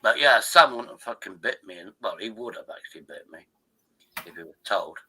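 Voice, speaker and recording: Brief: older man in his sixties, sharp bright tone, rambling and sweary, livestream host on a call. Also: on the low side, lively intonation, brisk, slightly rough, poor audio. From Derbyshire, England. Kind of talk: casual chat.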